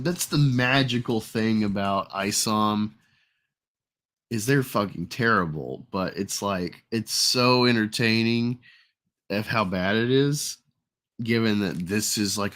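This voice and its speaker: A man's voice: fairly low pitch, fairly bright tone. A man co-hosting a casual livestream, giving blunt, profane and sarcastic opinions. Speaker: podcast co-host.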